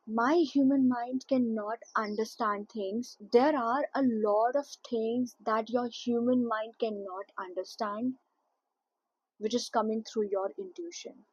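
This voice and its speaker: A woman's voice: mid-range voice, darkish tone, breathy edge, no echo, lo-fi sound. A woman speaking earnestly to her audience about spiritual growth, emphatic and repetitive as she stresses each point. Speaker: spiritual content creator. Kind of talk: spiritual guidance talk to camera.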